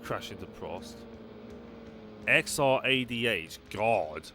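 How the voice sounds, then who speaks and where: A man's voice: lowish voice, lively intonation, slow pace, bright, forceful tone, a little hiss or hum. A young man muttering wry asides while commentating a racing game. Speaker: gaming channel host. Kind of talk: let's play commentary.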